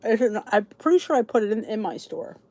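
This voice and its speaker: A woman's voice: on the high side, lively intonation, fast, warm tone, dry recording. A middle-aged woman from the Philadelphia area with a Philly accent, hosting a podcast in a rambling, casual chat to her viewers. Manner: chatty, rambling, frequent restarts and asides. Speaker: podcast host.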